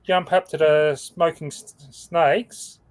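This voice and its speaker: A man's voice: on the high side, fairly even intonation, slow pace. Man reading scores on a video call. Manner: talks through a scoreboard, stumbles over names. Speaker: co-host reading team standings. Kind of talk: casual livestream chat.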